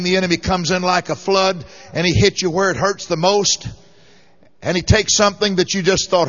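A man's voice: sits high, fairly bright tone. A man preaching a sermon, telling a folksy story that rises into fervent exhortation. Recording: muffled lo-fi recording.

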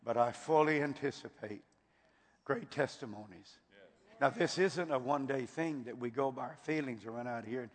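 With a Texan accent, an older man from Texas delivers a fiery sermon in a mid-range voice, talking a little fast and often repeating himself. The recording carries long hall reverb.

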